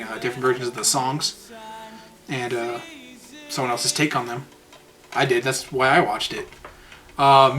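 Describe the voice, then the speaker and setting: A man giving a casual, wry movie review, relaxed and hesitant with frequent fillers. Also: medium pitch.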